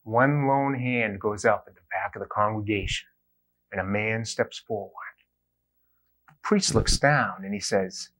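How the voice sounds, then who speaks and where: A man hosting a comedy show, telling a joke as an animated storyteller. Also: fairly low pitch, unhurried.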